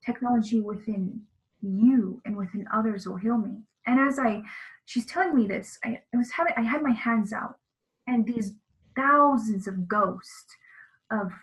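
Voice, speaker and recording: A woman's voice: a little high, poor audio. A woman speaking as an interview guest, telling of spiritual experiences in an earnest, emotional way. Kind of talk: casual interview talk about spiritual experiences.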